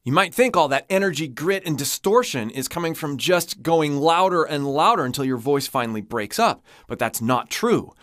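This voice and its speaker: A man's voice: a little high, normal speed, hardly any pauses, dry recording, clean studio sound. A man, a vocal coach, explaining singing techniques and demonstrating them with his own voice. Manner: expressive, demonstrates with voice.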